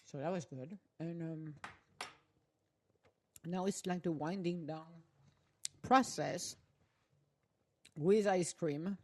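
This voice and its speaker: A woman hosts a relaxed, rambling chat while she eats. Her voice sits low, and she laughs easily as she drifts from one thought to the next. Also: slow pace, long pauses, slight background noise. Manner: chatty, rambling, laughs often. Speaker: podcast host. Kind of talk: casual chat while eating.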